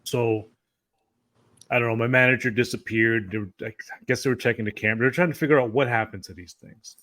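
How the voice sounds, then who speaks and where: A man's voice: medium pitch, steady tone, fast talker, a bit bright, dry recording. Man, host, easygoing, casual chat, dry sound.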